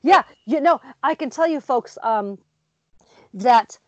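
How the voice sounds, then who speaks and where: A woman's voice: high voice, slow pace, no echo. Chatty woman co-host, dry lo-fi sound. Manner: lively storyteller, acts out voices. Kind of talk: casual chat.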